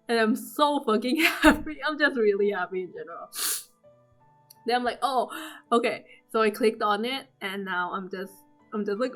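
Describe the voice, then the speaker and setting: A young woman chatting over her gameplay in a loose, casual way, her voice sitting a little high. She keeps breaking into shrieking repeats of names as she acts out her own excitement. Faint game music plays underneath. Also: unhurried, pauses often. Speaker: gamer recapping her summons.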